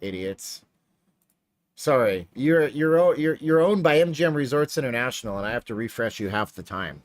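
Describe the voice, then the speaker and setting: A man's voice: mid-range voice, moderate pace, no echo. A man hosting a casual livestream from his home streaming room, rambling and joking while he plays slots. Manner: rambling, jokey, animated. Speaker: livestream host.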